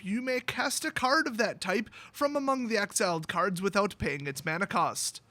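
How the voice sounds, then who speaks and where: A man's voice: high voice, bright, forceful tone, dry recording. Man in a put-on Irish accent. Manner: joking, exaggerated mock accent. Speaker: channel host. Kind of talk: card spoiler review.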